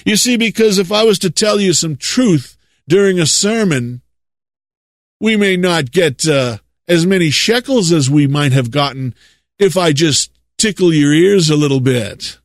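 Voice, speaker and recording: A man delivers a sermon in a sarcastic, lecturing tone and often chuckles at his own remarks. His voice sits a little high for a man. The sound is close and dry, with no room echo. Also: expressive, measured pace. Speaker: preacher.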